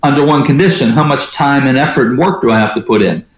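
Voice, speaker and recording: A man telling personal stories as an interview guest, lively and acting out the dialogue he quotes. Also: mid-range voice, fast talker, lo-fi sound. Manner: animated storyteller who acts out quoted dialogue. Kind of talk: storytelling in a conversational interview. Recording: roomy echo.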